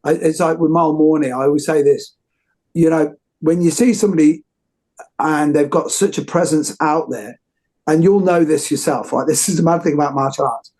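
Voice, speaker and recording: Hosting a relaxed interview, this man from the United Kingdom gushes and rambles, often restarting his sentences. He has a fairly high pitch, a moderate pace, and a slightly mellow sound.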